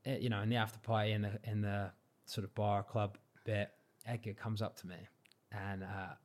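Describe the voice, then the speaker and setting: A man's voice: fairly low pitch, moderate pace. A man, a podcast guest telling a story in casual chat and acting out the dialogue in it. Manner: animated, acts out quoted dialogue.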